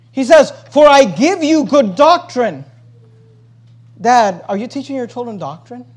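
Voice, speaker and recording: A male pastor preaching a sermon, emphatic, swinging between loud and hushed and repeating phrases to drive his point home. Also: extremely high pitch.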